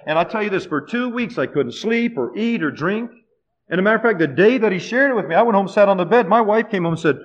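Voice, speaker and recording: High-voiced fervent male preacher. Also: lively intonation, fast talker. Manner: fervent, repetitive, often dropping to a near hush. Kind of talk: sermon. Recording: dull lo-fi sermon recording.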